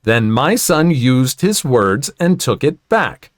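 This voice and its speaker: A man voicing a fed-up young military mother who answers with sharp, indignant retorts. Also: medium pitch, sing-song, slow pace, no room sound, studio quality. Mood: firm.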